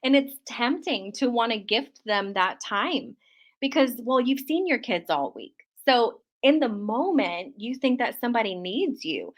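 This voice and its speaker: Woman podcast guest and author, higher voice, emphatic and upbeat, laughs often. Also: lively intonation, a little slow. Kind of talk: casual interview chat.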